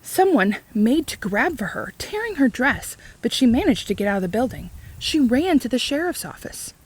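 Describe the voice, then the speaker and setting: A woman reading a chapter book aloud for a read-along, expressive and explaining the story in simple terms. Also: a little high, moderate pace, slightly rough.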